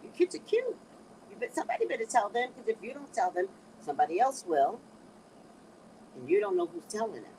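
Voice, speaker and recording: A middle-aged woman gives casual motivational life advice, animated and acting out other people's words in changing voices. Her medium-pitched voice is brisk, and the rough recording carries slight background noise.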